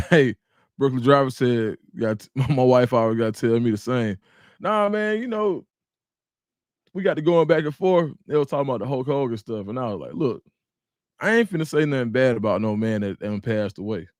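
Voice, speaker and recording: A man's voice: medium pitch, animated, normal speed, no room sound, studio quality. A man hosting a casual livestream at home, talking loosely and straight to his viewers and greeting the chat by name. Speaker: livestream host.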